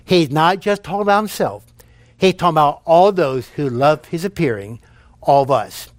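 A man's voice: a little high, animated, normal speed, no room sound. A man preaching a sermon, telling jokes and repeating key phrases for emphasis.

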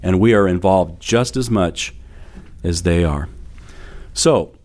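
A middle-aged pastor preaches a sermon in a relaxed, conversational manner, telling stories with everyday fillers and light laughter. His voice is a little low and his pace slow.

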